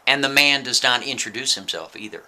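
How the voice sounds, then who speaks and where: Bright-voiced man telling a story. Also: medium pitch, animated, a little fast. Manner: chatty, with frequent "right?" asides to the listener. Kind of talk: casual spoken storytelling.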